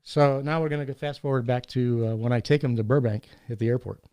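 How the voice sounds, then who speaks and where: A man telling anecdotes in a casual podcast chat, animated and laughing often, acting out the people in his stories. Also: medium pitch, fast, clear, resonant tone, dry recording. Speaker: podcast guest. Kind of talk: casual storytelling.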